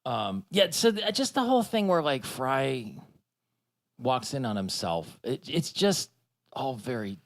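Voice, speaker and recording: A man's voice: mid-range voice, very animated, measured pace, dry recording, clean studio sound. A man hosting a podcast, joking and rambling in casual chat. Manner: jokey, rambling, stammers on restarts. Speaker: podcast host.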